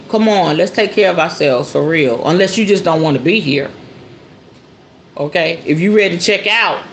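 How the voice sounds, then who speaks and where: A woman's voice: mid-range voice, echoey room, slight background noise. A woman hosting a spiritual talk show in a casual monologue, blunt and preachy. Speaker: host.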